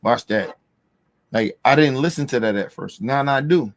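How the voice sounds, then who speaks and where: A man's voice: mid-range voice, a little fast, no room sound. Heated, profane man ranting. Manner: heated, profane, repeats himself for emphasis. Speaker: podcast host. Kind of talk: casual ranting commentary.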